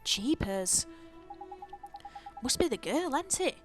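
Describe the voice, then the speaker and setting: A brash little male fairy sidekick from a video game, as a woman puts him on, blunt and full of slang. He talks in a fairly high, pushy voice and never holds back an opinion. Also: sing-song, slow pace, faint music behind, heavily acted. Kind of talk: reading game dialogue in voices.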